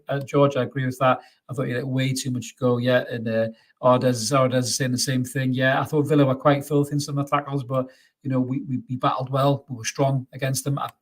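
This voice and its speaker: A man hosting a live post-match fan stream, reading out viewer comments and chatting back, upbeat and calling everyone mate, often stumbling over repeated words. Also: medium pitch. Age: adult father. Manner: stammers and repeats words when excited. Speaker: fan channel host.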